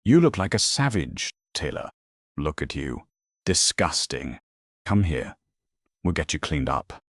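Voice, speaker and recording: A man's voice: extremely low pitch, sing-song, a little slow, no echo, clean studio sound, heavily acted. Man playing a sneering cowardly cattle baron. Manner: sneering, turns to shrieking. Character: smug rich male cattle baron, cowardly.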